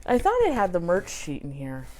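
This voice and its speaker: A chatty woman vlogger talking casually at home, rambling from one thought to the next. She laughs often, and her voice sits a little low. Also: huge pitch swings, moderate pace, slight background noise. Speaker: vlog host showing records. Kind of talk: casual chat. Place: home near a railway.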